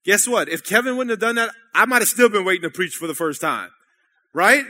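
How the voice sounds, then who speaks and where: A man's voice: high voice, animated, quick pace, sharp tone. A man preaching a sermon at a church service, talking conversationally and checking in with the congregation. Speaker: pastor.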